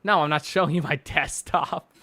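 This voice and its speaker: A man's voice: a little high, fairly even intonation, normal speed, sharp tone, no echo. A man streaming live, reading chat and posts aloud with profane, mocking, ranting commentary. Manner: reads chat and posts aloud with sarcastic asides.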